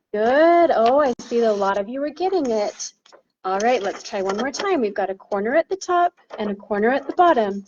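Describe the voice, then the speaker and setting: Bright-voiced woman teaching children a song. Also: on the high side, animated, normal speed, highs cut off, slight background noise. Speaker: primary chorister. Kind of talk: demonstrating a children's song lesson.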